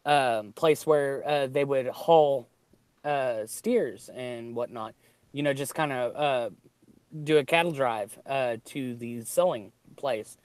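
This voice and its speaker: A man's voice: medium pitch, takes it slowly, clean tone, no echo. A man from the United States hosting a casual chat, rambling with many ums and hedges. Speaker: host.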